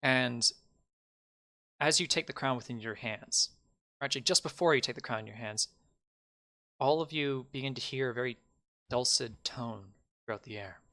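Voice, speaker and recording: Guy running a tabletop game, bright voice, casual, lots of ums. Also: mid-range voice, moderate pace, long pauses. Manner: casual narration with fillers, swearing. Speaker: game master.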